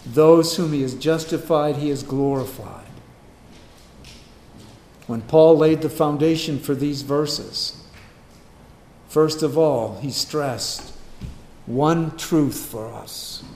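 A man preaching a sermon, emphatic, swinging between loud declarations and quiet low asides. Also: takes it slowly, pauses often. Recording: echoey room with faint ambience.

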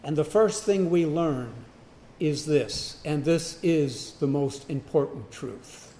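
A man preaching a sermon, emphatic, swinging from loud declarations to hushed asides. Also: a little high, slow, slight background noise. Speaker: pastor.

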